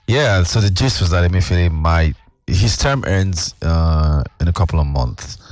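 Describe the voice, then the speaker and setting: A man's voice: low voice, animated, normal speed, darkish tone, no room sound. A man, a guest explaining financial news at length in casual chat, with many fillers. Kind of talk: casual radio-style chat.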